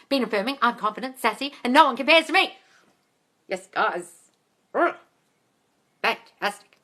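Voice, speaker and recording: Woman, high bright voice, swings up and down, blunt, sweary, coaching live on a phone. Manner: blunt, profane, playful, calls everyone darling. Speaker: manifestation coach answering live questions. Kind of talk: casual live Q&A, reading comments aloud.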